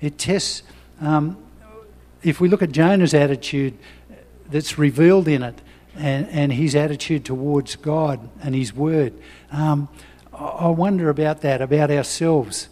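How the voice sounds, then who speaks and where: A man's voice: fairly high pitch, measured pace, warm tone, long reverb tail. A man preaching a sermon, reading scripture and talking personally in a conversational way with frequent restarts.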